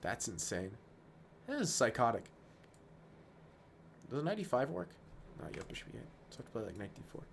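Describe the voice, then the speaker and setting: A man streaming chess, talking fast and self-mocking through move lines, dropping to quiet muttering when frustrated. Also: medium pitch, very animated, creaky, slight background noise. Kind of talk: casual live-stream game commentary.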